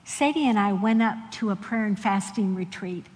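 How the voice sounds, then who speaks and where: A woman telling stories in a sermon, animated and laughing often as she acts out the people in them. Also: mid-range voice, normal speed. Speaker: Christian speaker. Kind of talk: sermon storytelling. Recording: long hall reverb.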